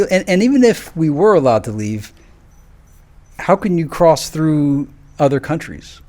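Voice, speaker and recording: A man giving a solo political commentary monologue, rambling and restarting sentences, full of rhetorical questions and drawn-out pauses. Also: fairly high pitch, darkish tone. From United States. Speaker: video commentator.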